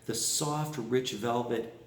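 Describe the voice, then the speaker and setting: A man's voice: medium pitch, slow, echoey room, far from the mic. A man teaching harmonica phrasing, explaining and humming phrases to show them. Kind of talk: music lesson with played examples.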